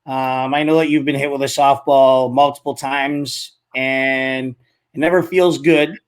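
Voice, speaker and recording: A man hosting a casual interview, asking questions in a relaxed way with many fillers. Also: medium pitch, a little slow. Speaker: host, interviewer.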